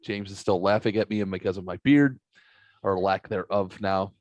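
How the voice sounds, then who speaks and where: A man's voice: deep voice, normal speed, a little mellow, no echo, muffled recording. A man hosting a podcast, talking in a profane, rambling, self-mocking way. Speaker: podcast host. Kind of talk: casual podcast banter.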